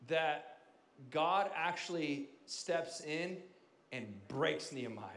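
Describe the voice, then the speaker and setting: A male pastor preaching a sermon, swinging from loud emphasis down to quiet, hushed asides. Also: high-pitched, lively intonation, slow pace, pauses often, reverberant.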